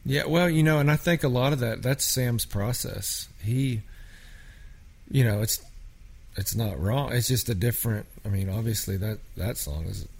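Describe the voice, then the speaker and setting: A man's voice: medium pitch, normal speed, vocal fry, slightly rough. A man from a small town in Pennsylvania, a songwriter telling rambling, filler-heavy stories in a casual interview. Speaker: songwriter guest.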